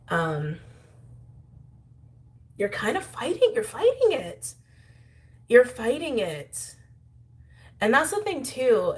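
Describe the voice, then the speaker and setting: Young woman doing a tarot reading to camera, lowish voice, chatty and animated. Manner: chatty, animated, talks straight to viewers. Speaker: astrology and tarot reader.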